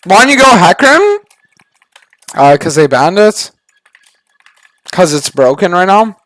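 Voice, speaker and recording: Excitable man streaming, dry close sound. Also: sits high, measured pace, no echo. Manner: excitable, laughing, exclaiming and half-singing. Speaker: game streamer. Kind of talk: casual gaming stream chat.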